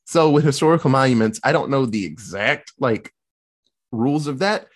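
Male co-host, casual recap, expressive and animated. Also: mid-range voice, normal speed. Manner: animated storytelling, swearing, mock quoting characters. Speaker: podcast co-host recapping a film. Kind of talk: casual chat.

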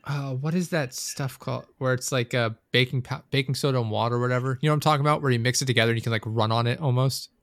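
A man's voice: mid-range voice, fairly even intonation, very fast, hardly any pauses, dry recording, clean studio sound. A man in casual chat, rambling and swearing as he vents about a coworker. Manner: profane, venting, rambling storyteller.

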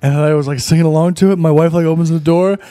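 A young man guesting on a podcast tells animated stories, laughing and swearing along the way. His voice is notably high for a man. The sound is dry and close, with no room echo. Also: fast. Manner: animated, laughing, profane storyteller. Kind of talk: casual podcast chat.

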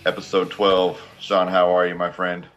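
A man's voice: sits low, monotone, moderate pace, fairly bright tone, muffled recording, faint music behind. A man co-hosting a casual sports and beer podcast, talking in a rambling, joking way with lots of fillers. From United States. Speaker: podcast co-host. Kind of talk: casual chat.

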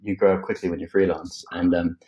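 A man's voice: low-pitched, little pitch movement, a little fast, dark tone, low-quality recording. A South African man chatting as an interview guest, rambling with many fillers, laughing often and swearing casually.

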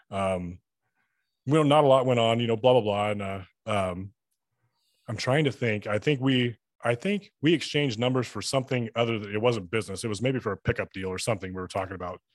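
Fast-talking, cussing salesman guest. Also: lowish voice, no echo. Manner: profane, rambling anecdotes with acted-out dialogue. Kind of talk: casual storytelling chat.

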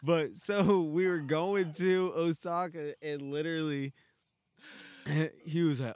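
A man's voice: a little high, a little slow, darkish tone, clear, resonant tone. A young man on a casual podcast, telling a profane family story full of laughter and acted-out quotes. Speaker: podcast co-host.

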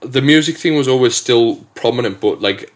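A man hosting a podcast, telling his own story in a casual, halting way with many restarts. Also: mid-range voice. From England. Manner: hesitant, many restarts and fillers. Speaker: podcast host.

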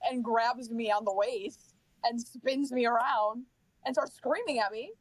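A woman's voice: fairly high pitch, a little slow, no room sound, rough recording. A young woman co-hosting a podcast, retelling events dramatically and protesting her side in casual chat. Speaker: podcast co-host.

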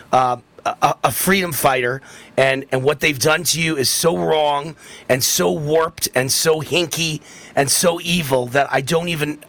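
A man's voice: on the high side, a bit bright, dry recording. A man hosting a political talk radio show, talking in an emphatic, heated way with lots of repetition.

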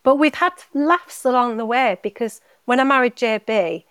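A woman guest on a podcast, telling a personal story in a heartfelt, halting way, often repeating words. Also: on the high side, a bit bright, smooth, no room sound. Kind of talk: emotional personal story in casual chat.

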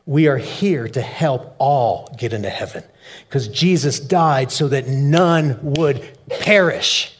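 A man preaching a sermon, shifting between soft low asides and loud, emphatic peaks. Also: husky. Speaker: pastor.

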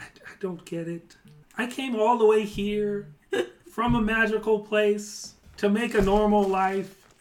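A man's voice: a little high, a little hiss or hum, voice pushed up, natural voice. A man voicing a bewildered, put-upon goblin boss in a tabletop game, whiny and incredulous.

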